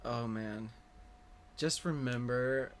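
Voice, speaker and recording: Slow-talking jokey woman host. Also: rumbling low, slight background noise. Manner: jokey, laughs a lot. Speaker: podcast host. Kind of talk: casual chat.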